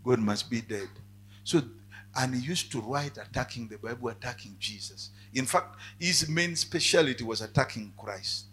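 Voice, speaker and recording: A man preaching with a husky, slightly breathy voice that sits at an ordinary middle pitch. He moves from low, confiding asides to loud, fervent cries, giving a sermon that builds and falls in waves. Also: moderate pace. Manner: swings from quiet asides to loud, rising cries.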